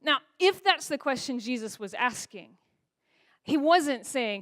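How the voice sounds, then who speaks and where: A woman's voice: sits high, lively intonation, unhurried. A woman pastor preaching a sermon in a church, asking the congregation rhetorical questions. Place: church sanctuary.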